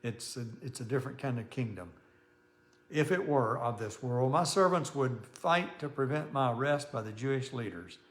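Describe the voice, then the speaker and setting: A man, a pastor, leading a relaxed Bible study, talking conversationally, often restarting sentences and chuckling as he reads scripture aloud. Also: mid-range voice, moderate pace. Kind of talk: informal Bible study teaching.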